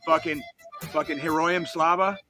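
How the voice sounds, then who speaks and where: A man's voice: fairly high pitch, fairly even intonation, moderate pace, over music. A man from the United States co-hosting a gaming podcast, ranting heatedly and swearing constantly in casual chat. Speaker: podcast co-host.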